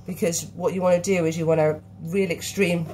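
Filmed on a hand-held phone in her noisy home kitchen, a woman in her thirties casually demonstrates a recipe, chatty and instructive as she coaxes her little boy along. Her voice is lowish and darkish, steady in tone and a little fast.

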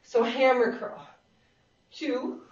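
A woman's voice: high voice, steady tone, takes it slowly. A woman fitness instructor leading a workout class, counting reps, giving cues and whooping to encourage. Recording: roomy, distant and dull.

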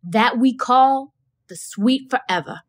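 A woman reading aloud, voicing a man who leads a church song by chanting each line slowly. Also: a little high. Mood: solemn. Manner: slow, drawn-out chanting. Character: church song leader man lining out hymn verses.

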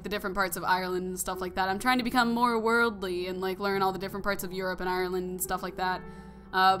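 A young woman giving casual, rambling gameplay commentary, full of fillers and quick laughs. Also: medium pitch, a bit bright. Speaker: let's play commentator.

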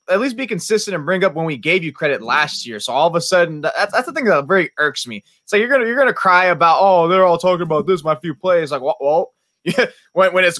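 A man's voice: high voice, pushed and bright, no room sound. A man on a sports podcast panel, talking in a blunt, exasperated and mocking way. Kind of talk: heated sports talk.

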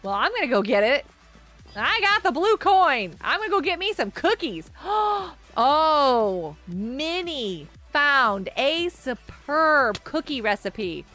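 A high, bright woman's voice streaming a game and chatting with her viewers. She is excitable and gasps and exclaims while playing, and her pitch swoops widely. Faint music plays underneath. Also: takes it slowly. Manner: excitable, gasping and exclaiming, talking to chat. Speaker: gaming streamer. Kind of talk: live gameplay commentary chatting with viewers.

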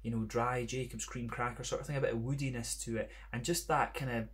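A man's voice: mid-range voice, fairly even intonation, quick pace. A man with a Scottish accent reviewing beer in a casual, rambling monologue, full of "kind of" and "sort of" fillers.

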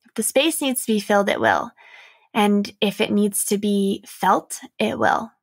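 A young adult woman hosting a reflective solo podcast as a coach, speaking softly and earnestly with light laughs. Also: mid-range voice, huge pitch swings, a little slow, creaky.

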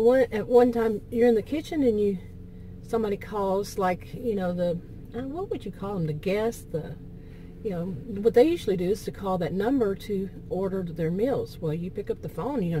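A woman telling a story in a rambling, conversational way, speaking straight to the listener while she drives. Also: mid-range voice. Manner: talks straight to the listener, meandering with fillers and asides. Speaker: channel host telling a story. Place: car, while driving. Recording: steady car road noise.

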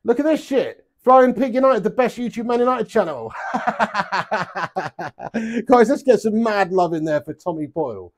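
Guy on a darts stream, swears a lot, laughs, voice bounces all over, a bit high. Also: expressive, a little fast, hardly any pauses. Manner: swears freely, laughs often, jokey. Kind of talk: live stream banter, reading out chat. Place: home darts setup.

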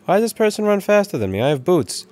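A man's voice: sits high, quick pace. Wry man chatting over a game. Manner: wry, chatty, shouts when excited. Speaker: host. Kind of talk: casual game-stream commentary.

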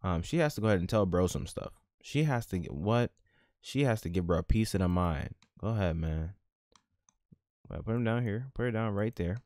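Low-voiced, slangy male gaming host. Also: normal speed, no echo, studio quality. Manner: animated, slangy, laughs at his own jokes. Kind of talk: casual let's-play commentary.

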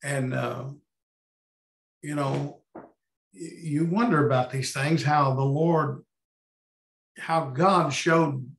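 A Bible study teacher works through scripture, reading verses and musing on them aloud. His man's voice has a gravelly edge, and he takes his time. The sound comes through a video call from an echoey room. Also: on the high side, steady tone, slow pace, long pauses, a bit bright, a little hiss or hum. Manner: thinks aloud, reads and paraphrases scripture.

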